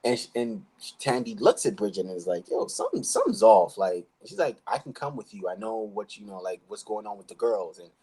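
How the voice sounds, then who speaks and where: A man's voice: lowish voice, sing-song, fairly quick, few pauses, mellow, slightly rough, rough recording. A man co-hosting a podcast, casually recapping a TV episode in a rambling way and acting out the characters' lines. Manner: rambling retelling with acted-out quotes. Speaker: podcast co-host. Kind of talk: casual show recap chat.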